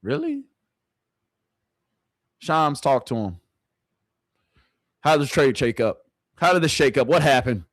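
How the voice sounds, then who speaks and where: Male streamer, middle-pitched, hammers his points over and over, dry close-mic sound. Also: animated, unhurried, pauses often, fairly bright tone, dry recording. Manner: emphatic, repeats his points. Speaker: sports streamer. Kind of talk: casual livestream sports reaction.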